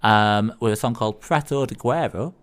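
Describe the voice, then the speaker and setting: A man from England with a Northern English accent co-hosts a community radio show, speaking at a medium pitch and a little fast. He tells jokes in a rambling, hesitant way, his talk full of fillers.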